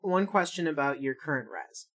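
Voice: mid-range voice, big pitch swings, normal speed, a bit bright, breathy edge. A podcast co-host in a casual chat, probing and cutting in with questions.

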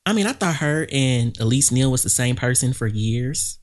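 A woman's voice: very deep voice, animated, normal speed, darkish tone. A woman co-hosting a casual gossip podcast, blunt and slangy as she tells the story. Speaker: podcast co-host.

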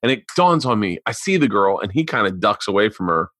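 A man who is a comedian tells raucous stories in a casual remote chat. He is animated and swears freely. His voice is bright and forward, and the sound is dry and close. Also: lowish voice, fairly quick, no echo. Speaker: comedian guest. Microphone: remote call recording.

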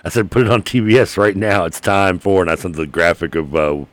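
A man's voice: deep voice, steady tone, fairly quick, no room sound. A man co-hosting a sports radio show, chatting casually and teasing his partner.

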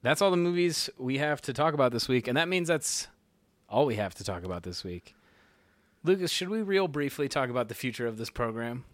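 A young adult man co-hosting a movie podcast, casual and joking with quick teasing asides. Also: medium pitch, very animated, no room sound. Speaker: podcast co-host. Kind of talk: casual movie review chat.

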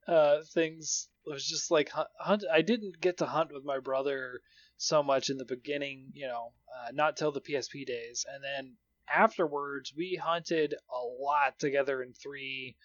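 A man's voice: a little high, no room sound, highs cut off. A man co-hosting a podcast, telling stories in casual chat and laughing often. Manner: chatty storytelling, laughs often. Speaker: podcast co-host.

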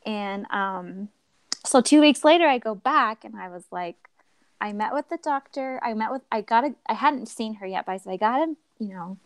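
This young adult woman, her voice on the high side and her speed normal, appears as a podcast guest in a dry recording. She tells a personal story expressively, voicing the quoted dialogue and often laughing.

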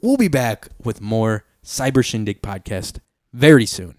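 A young man co-hosting a casual podcast, relaxed and loose with a beer in hand. He swears freely and fills his talk with likes and you-knows. The sound is close and dry, with no room around it. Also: on the low side, a little slow, no room sound. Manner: laid-back, swears freely, lots of fillers. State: drinking beer while talking. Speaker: podcast co-host.

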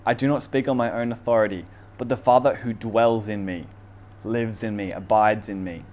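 A man's voice: on the low side, fairly even intonation, normal speed, darkish tone. Man preaching in a casual, laughing way. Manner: laughs often, reads scripture aloud emphatically. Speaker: pastor. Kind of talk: casual sermon.

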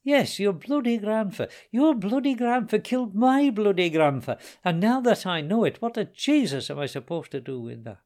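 A man's voice: mid-range voice, normal speed, darkish tone, lightly acted. A man reading aloud and voicing a volatile, brooding Irishman who swings from taunting to mournful. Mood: angry. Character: volatile Irishman, brooding and menacing, grieving grandson.

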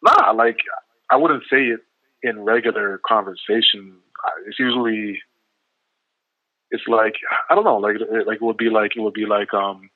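Low-voiced Canadian man on a phone line. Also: fairly even intonation, moderate pace, dry recording. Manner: easygoing, rambling with many fillers. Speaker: rapper guest. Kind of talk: casual interview over the phone. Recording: tinny dry phone line.

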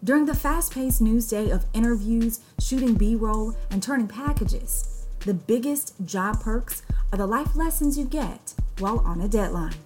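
A woman's voice: fairly high pitch, animated, a little slow. A woman host giving a scripted intro in a friendly, candid way with a light joke. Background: music.

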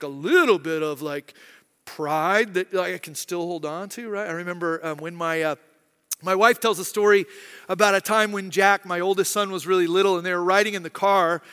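Bright-voiced man preaching in a reverberant hall. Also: sits high. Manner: conversational, keeps asking "right?"; acts out quoted voices. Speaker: pastor. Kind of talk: sermon. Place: church hall.

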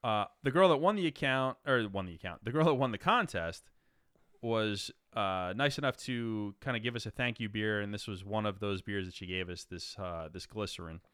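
A man's voice: on the low side, normal speed, a bit bright, smooth, no room sound, studio quality. A man hosting a casual beer-tasting show, rambling and joking with lots of fillers and restarts. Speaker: podcast host. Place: room in New Jersey.

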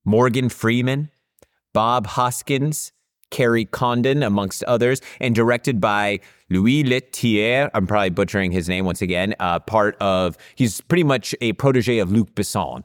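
Man, late thirties, podcast host, lowish voice, hesitant casual chat, dry close sound. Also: normal speed, no room sound. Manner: easygoing, hesitant, many fillers. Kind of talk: casual film-review chat.

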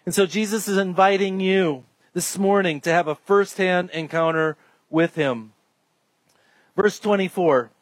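High-voiced man preaching with emphasis. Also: measured pace, no echo. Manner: emphatic, repeating key phrases. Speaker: pastor. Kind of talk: sermon.

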